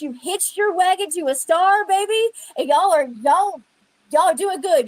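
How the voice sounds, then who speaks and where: High, sarcastic woman, dry close sound. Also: normal speed, dry recording, poor audio. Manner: sarcastic, mock congratulating. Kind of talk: casual commentary chat.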